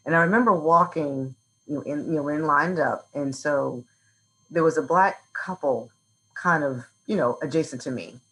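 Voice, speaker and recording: A woman's voice: low-pitched, moderate pace, poor audio. A woman from Virginia, a nonprofit leader, telling a personal story as an interview guest and acting out the voices in it. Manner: animated, acts out quotes from her childhood.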